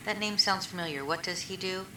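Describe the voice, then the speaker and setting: A woman with a low, bright-edged voice rambles through her answers, stacking up "I mean" and "you know" as she retells who said what. She sounds like an old recording made in an echoey room with a faint hiss behind her. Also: brisk. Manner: rambling, retells conversations, many fillers. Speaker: witness being questioned. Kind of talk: recorded police interview.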